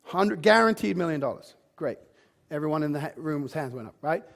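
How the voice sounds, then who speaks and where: A man delivers a motivational conference talk in a slightly high, gravelly voice. He speaks with emphatic punch and peppers his speech with "like" and restarts. He sounds like he's addressing a live room. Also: expressive, fairly quick, a bit bright. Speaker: fitness business speaker.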